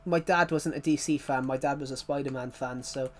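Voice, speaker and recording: A man's voice: medium pitch, steady tone, fairly quick. A young man chatting casually on a live stream, rambling and self-deprecating, often laughing and restarting his sentences.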